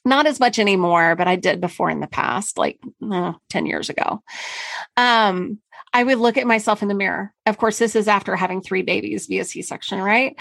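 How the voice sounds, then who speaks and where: A woman's voice: mid-range voice, normal speed, vocal fry, fairly bright tone, no echo. A middle-aged woman hosting a casual solo podcast, talking candidly and emphatically, with mild swearing. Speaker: podcast host and marketing consultant.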